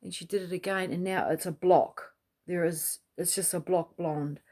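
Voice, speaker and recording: A woman's voice: on the low side, fairly even intonation, moderate pace, darkish tone. A middle-aged woman, chatting and rambling at home in a casual vlog, swearing now and then. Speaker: vlogger. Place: small home unit, kitchen.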